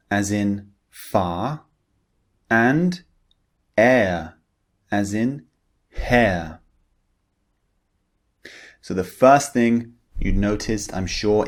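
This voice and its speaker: A man teaching English pronunciation, modeling each vowel slowly and carefully for learners to repeat. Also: lowish voice. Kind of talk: slow, deliberate pronunciation lesson.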